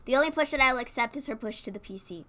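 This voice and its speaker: A woman co-hosting a casual wrestling recap, telling stories in an excitable, animated way with lots of "like". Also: on the high side, rapid-fire. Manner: excitable, animated storyteller, fillers of "like". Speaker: co-host.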